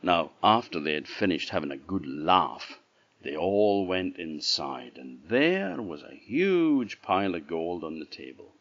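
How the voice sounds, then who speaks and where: A man with an Orcadian Scottish accent telling a traditional folk tale in an unhurried, sing-song way with repeated refrains. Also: low voice, sing-song, fairly bright tone. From Orkney Islands, Scotland. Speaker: traditional storyteller. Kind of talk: oral folk-tale storytelling. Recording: dull lo-fi recording.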